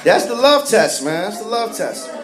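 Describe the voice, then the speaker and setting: A man's voice: high voice, big pitch swings, moderate pace, crowd noise. A man doing a stand-up set, a barber telling exasperated, profane stories to a live audience on stage. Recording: echoey room.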